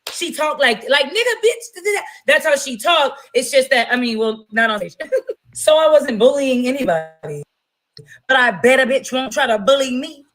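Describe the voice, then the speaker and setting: A woman hosting a gossip podcast, talking in an animated, blunt and profane way. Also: high-pitched, moderate pace, low-quality recording. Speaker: podcast host. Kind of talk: casual gossip commentary.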